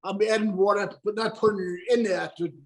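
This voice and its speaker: A man's voice: high-pitched, steady tone, fast. A man hosting a casual talk show, chatty and rambling, always checking in with "right?" and "you know what I mean?". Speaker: host.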